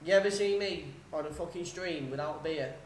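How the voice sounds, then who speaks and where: A man's voice: a little high, moderate pace, roomy sound, a little hiss or hum. A young man streaming a football watchalong, chatting casually, swearing and laughing as he reads out live scores. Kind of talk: live score commentary and chat.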